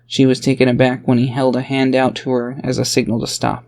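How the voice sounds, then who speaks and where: A man reading a fantasy audiobook aloud, his narration even and steady. His voice sits at a middle pitch, neither high nor low. The delivery is scripted and unhurried. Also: creaky.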